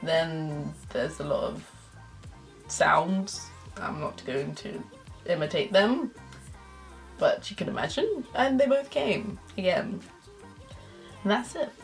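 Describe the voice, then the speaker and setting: A woman's voice: lowish voice, animated, slow, gravelly, long pauses, soft background music. A young adult woman vlogger reads her old fan fiction aloud, laughing and adding embarrassed, self-mocking asides.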